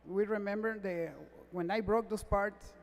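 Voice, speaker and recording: A man, a race car mechanic, gives a halting, emotional acceptance speech at an awards gala, close to tears and often repeating himself in non-native English. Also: high voice, fairly even intonation. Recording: echoey hall reverb.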